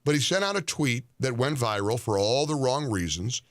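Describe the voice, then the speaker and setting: Male commentator, indignant and deliberate, dry recording. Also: medium pitch, animated, dry recording. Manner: indignant, deliberate, stressing words. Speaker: political commentator. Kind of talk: scripted commentary monologue.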